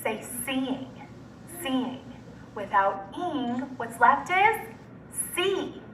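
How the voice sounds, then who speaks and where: Woman teacher, high voice, slow word-by-word phonics drill, recorded from a distance with faint background noise. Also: big pitch swings, a bit bright, reverberant. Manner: slow, deliberate word-by-word enunciation.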